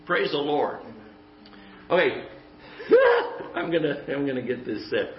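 A man's voice: fairly high pitch, huge pitch swings. Folksy preacher man, echoey church. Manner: folksy, emphatic, quick asides and laughs. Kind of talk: conversational sermon. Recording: echoey church room, dull lo-fi sound.

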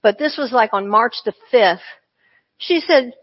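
A woman's voice: on the high side, measured pace. Woman telling a testimony, muffled audio. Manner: earnest, conversational, with frequent asides. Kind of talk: personal testimony storytelling. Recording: dull lo-fi recording.

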